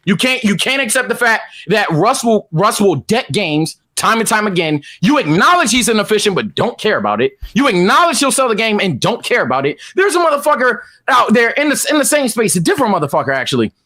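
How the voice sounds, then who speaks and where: A man's voice: high-pitched, big pitch swings, brisk, hardly any pauses, pushed and bright. A man co-hosting a casual podcast, ranting in an exasperated, profane way with lots of repeated words. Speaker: podcast co-host.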